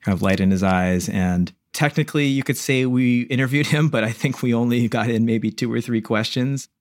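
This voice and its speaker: A man's voice: mid-range voice, normal speed. A man, an interview facilitator, recalling his travels in an earnest, casual way. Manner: earnest, casual, a few restarts. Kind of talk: reflective recollection.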